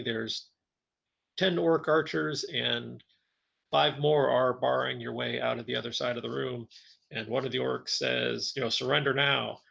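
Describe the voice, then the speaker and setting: A man co-hosting a podcast, chatting casually about tabletop games and telling lively stories with frequent laughs. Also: medium pitch, gravelly, lo-fi sound. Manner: animated storytelling, laughs often. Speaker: podcast co-host.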